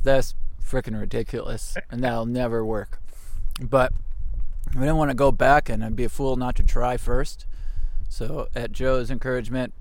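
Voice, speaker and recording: A man co-hosting a trip podcast outdoors, telling stories excitably and laughing often. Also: medium pitch. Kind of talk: casual chat on a canoe trip.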